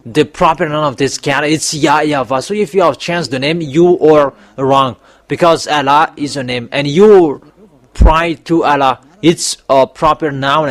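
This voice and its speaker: Male preacher, slightly high-pitched, exhorting and repetitive, pushes up hard on warnings. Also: no echo. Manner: emphatic exhorting, voice rising on warnings; repetitive, with fillers and restarts. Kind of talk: sermon.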